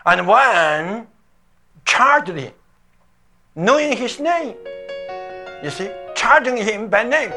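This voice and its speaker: Slow, bright-voiced older preacher, a man. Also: high voice, expressive, soft background music. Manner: emphatic, dramatic storytelling with drawn-out stressed words. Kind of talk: sermon, played from an archive recording.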